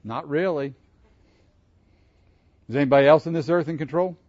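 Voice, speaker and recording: A man's voice: a little high, normal speed, no echo, highs cut off. A man preaching a sermon, asking his congregation questions and laughing between his points. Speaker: pastor. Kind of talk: interactive sermon.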